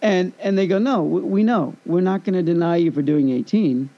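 A man in his fifties in casual chat, telling an animated story and acting out both sides of a conversation. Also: high-pitched, moderate pace. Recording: dull lo-fi recording.

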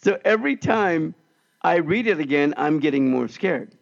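A man co-hosting a podcast, telling a story in an animated, excitable way. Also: on the high side, moderate pace, vocal fry, lo-fi sound. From California. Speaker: podcast co-host. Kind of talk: casual storytelling chat.

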